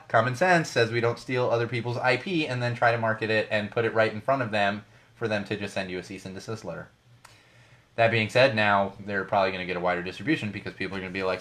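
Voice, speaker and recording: Podcast host, thirties, male; sarcastic live-feed commentary, breaks into laughs, loudness swings up and down. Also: fairly low pitch, steady tone, quick pace.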